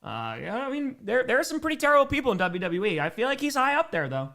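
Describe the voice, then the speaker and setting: A man's voice: very high voice, huge pitch swings, quick pace, sharp tone. A man giving casual play-by-play on a live stream, chatting with viewers and answering their donation messages between plays. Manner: plays called in a plain announcer tone.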